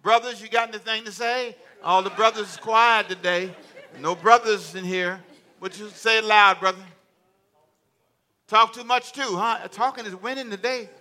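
A man, a pastor, preaching a lively sermon and calling out to his congregation for answers. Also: high-pitched.

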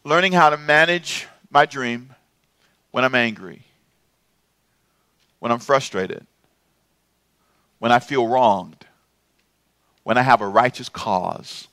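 A man's voice: medium pitch, slow, long pauses, sharp tone, no room sound. A man preaching a sermon as a pastor, calling on the congregation to repeat after him. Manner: preaching with rising passion, calls for congregation to repeat.

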